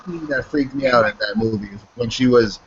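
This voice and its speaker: A man's voice: mid-range voice, a little fast, highs cut off, a little hiss or hum. A man hosting a podcast, chatting casually about old films in a loose, joking and profane way. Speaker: podcast host. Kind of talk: casual chat.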